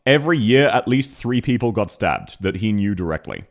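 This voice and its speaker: A man's voice: lowish voice, lively intonation, moderate pace. A young man with a Canberra Australian accent, casually chatting on a live stream, laughing and swearing often.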